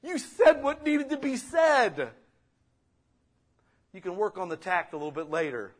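A middle-aged man preaches a sermon as the pastor, his voice sitting a little high. He talks to the congregation like friends, dropping to quiet asides and then climbing into loud, urgent exhortation. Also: measured pace, pauses often.

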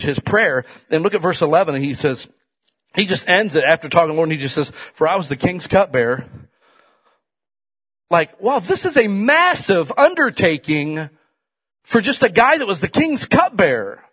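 A man preaching a sermon in a conversational style, swinging from loud emphatic peaks to quiet asides and often turning to the congregation with "right?" and "man". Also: sits high, very animated, fairly quick, breathy edge.

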